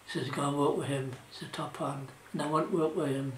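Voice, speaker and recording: Older geordie man, rambling oral history, fairly high voice, roomy echo, distant mic. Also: fairly even intonation, fast, a little hiss or hum. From South Shields, England. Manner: rambling, colloquial, with fillers like "you know" and "like". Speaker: interviewee, former shipwright.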